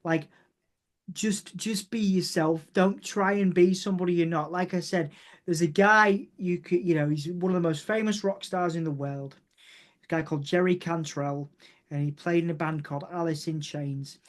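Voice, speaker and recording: Rambling, excitable male journalist. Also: fairly high pitch, moderate pace. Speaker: music journalist guest. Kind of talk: casual interview chat.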